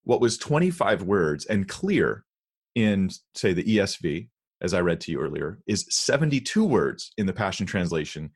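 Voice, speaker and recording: With a fairly low, slightly rough voice that swings widely in pitch, a man discusses Bible translations on a conversational podcast. He's earnest and emphatic, slowing down to read verses aloud.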